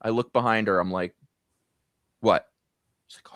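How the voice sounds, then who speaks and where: A middle-aged host chats casually on a live stream, telling a long, gossipy anecdote at a slightly slow pace. When excited, his pitch swings upward. The audio is clean studio sound with no echo.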